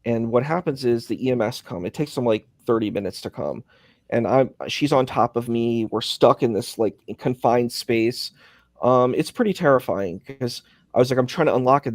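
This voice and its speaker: A man speaking in an easy, rambling way, leaning on fillers as he tells a story. His voice sits at an ordinary pitch. The sound is dry and close. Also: a little mellow, no echo. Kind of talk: casual conversation. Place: hospital.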